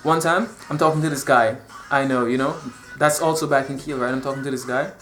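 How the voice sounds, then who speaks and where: A man's voice: mid-range voice, brisk. Young man, casual vlog storyteller, echoey room with faint music. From Dominica. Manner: animated, repeats words, acts out quotes. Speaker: vlogger.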